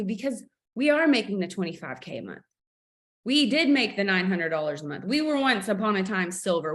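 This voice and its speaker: A fairly high-voiced woman leads a sales team video call. She talks in a lively, preachy, motivational way and acts out stories from her family life.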